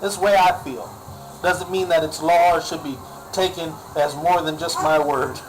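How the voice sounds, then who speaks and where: A man's voice: a little high, fairly even intonation, moderate pace, faint music behind, poor audio. A man ranting in a casual vlog, exasperated and sarcastic, often repeating himself. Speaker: vlogger.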